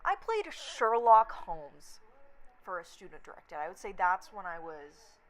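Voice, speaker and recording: A young woman vlogging, telling a story in a blunt, profane, animated rant. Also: on the low side, unhurried, poor audio. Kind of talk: casual rant to camera.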